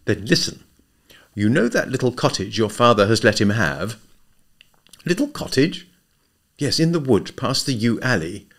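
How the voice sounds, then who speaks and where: A man voicing a brisk, impatient young woman who speaks firmly. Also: mid-range voice, very animated, fairly bright tone. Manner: impatient, firm.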